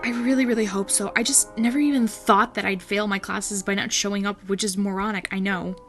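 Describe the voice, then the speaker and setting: A woman voicing a remorseful, overwhelmed young woman student while reading a story game aloud, in a soft, apologetic voice. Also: mid-range voice, steady tone, brisk, faint music behind, lightly acted. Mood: sorry.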